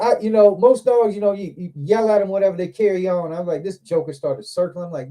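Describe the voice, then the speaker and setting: Male host, casual livestream chat: very dark, mellow tone, profane, animated storyteller who acts out his own quotes. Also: sits high, moderate pace. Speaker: show host. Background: other men on a livestream hangout.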